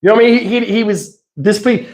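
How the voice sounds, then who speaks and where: A man hosting a livestream, telling a wild personal story in an excitable, conversational way. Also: high voice, fast talker. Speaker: channel host.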